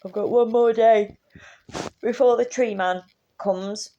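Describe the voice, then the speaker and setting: A woman's voice: on the high side, steady tone, slow, mellow, highs cut off, slight background noise. A tired woman, rambling in casual chat to her camera and swearing freely. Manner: chatty, swears casually, trails off and restarts. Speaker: vlogger.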